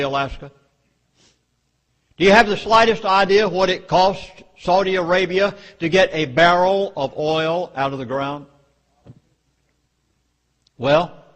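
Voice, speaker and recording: A man's voice: fairly high pitch, fairly bright tone. A man with a Southern US accent giving an emphatic speech to a live audience, with dramatic warnings. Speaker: public speaker.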